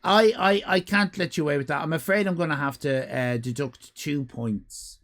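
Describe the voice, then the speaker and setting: High, gravelly man, mock-stern host. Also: normal speed. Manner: mock-stern, theatrical, bursts into shouting. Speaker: livestream host. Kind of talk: live stream chat, grading viewer drawings.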